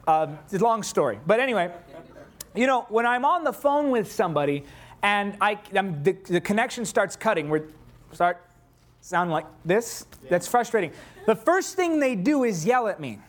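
A man preaching a sermon, telling a story in an animated way and acting out his own prayers. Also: sits high, normal speed.

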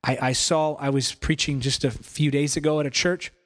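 A young man preaching a sermon, telling stories in an animated, conversational way. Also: on the high side, moderate pace. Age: young adult. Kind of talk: sermon storytelling.

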